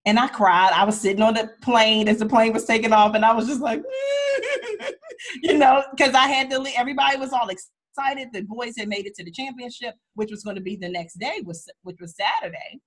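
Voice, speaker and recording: Quick and high-pitched, with hardly a pause, a woman attorney speaks as a guest in a conversation. She tells emotional personal stories candidly and from the heart, often restarting her sentences.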